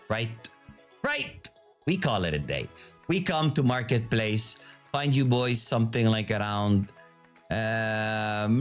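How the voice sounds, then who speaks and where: A man talking to his viewers in casual live commentary, excitable and profane, his pitch swinging up and down a lot. He takes his time and speaks in an unhurried way even when worked up. Faint music plays under his voice. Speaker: video host.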